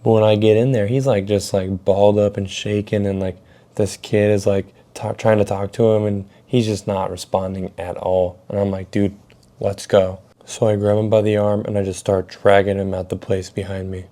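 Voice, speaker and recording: This young man's lowish voice is dark and flat, moving at a moderate pace. As a storytelling vlogger, he spins a casual, rambling tale, cursing often and leaning heavily on filler words.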